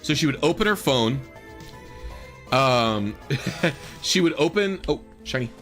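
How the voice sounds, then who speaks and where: A man's voice: mid-range voice, lively intonation, slow pace, fairly bright tone, soft background music. A man streaming a game, rambling casually through a story with lots of fillers and exasperated asides. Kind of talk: casual storytelling while gaming.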